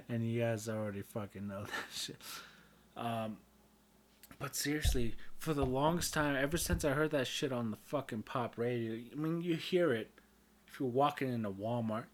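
A man's voice: mid-range voice, moderate pace. A man in a casual, rambling monologue, swearing freely and losing his train of thought.

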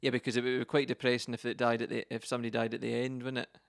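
A man co-hosting a podcast in casual chat, relaxed and giggly, often restarting his sentences. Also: medium pitch, rapid-fire, gravelly, no room sound, clean studio sound. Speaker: podcast co-host.

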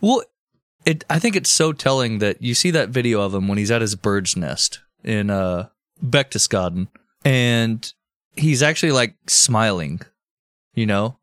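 Podcast cohost guy, lively up-and-down voice, rambles and cusses, dry close mic. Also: on the low side, measured pace, clear, resonant tone, no echo. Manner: animated, profane, rambling. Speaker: podcast co-host. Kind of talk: casual history podcast chat.

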